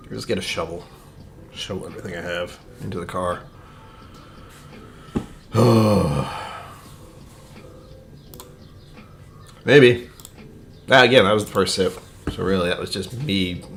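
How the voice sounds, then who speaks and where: Deep-voiced man musing over whiskey. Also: takes it slowly, gravelly, long pauses, background noise. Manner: rambling, muttering asides, dropping to near-whispers. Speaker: whiskey-tasting streamer. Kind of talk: casual livestream chat.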